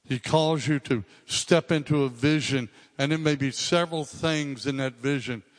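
A man's voice: medium pitch, normal speed. A male pastor preaching a sermon in a conversational, earnest way, repeating and restarting phrases for emphasis. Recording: long reverb of a large hall.

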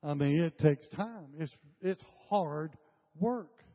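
An older male pastor preaches with emphasis, his somewhat high voice hammering phrases home again and again. The sound is dull and lo-fi, carrying a long reverb off a church hall. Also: animated, slow pace. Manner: emphatic, repeats phrases, addresses the congregation directly. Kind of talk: sermon.

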